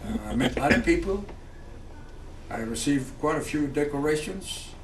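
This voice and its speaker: Very old man, halting earnest speech, roomy echo, faint background noise. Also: fairly high pitch, expressive. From Greece. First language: Greek. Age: 90s. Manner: halting, with many fillers and restarts, earnest and patriotic. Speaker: guest speaker, retired fighter pilot. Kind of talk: speech to an audience. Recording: echoey room picked up from far off.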